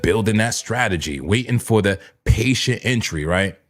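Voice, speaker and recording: A man's voice: on the low side, moderate pace. A man hosting a live crypto trading stream, talking through charts in a loose, chuckling way and slipping into a mock preacher's call-and-response. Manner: animated, preachy mock-sermon bursts with chuckles. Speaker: crypto trading livestream host.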